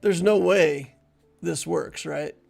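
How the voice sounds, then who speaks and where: Playful, gravelly high-voiced male streamer. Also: takes it slowly, darkish tone, faint music behind. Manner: playful, chatting with viewers and laughing easily. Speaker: gaming streamer. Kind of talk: casual live-stream game commentary.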